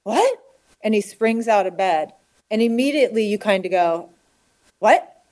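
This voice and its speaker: A middle-aged woman telling a deeply personal story as a podcast guest. She speaks at an ordinary pitch, halting and restarting, and slips into acted voices for the people she quotes. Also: darkish tone.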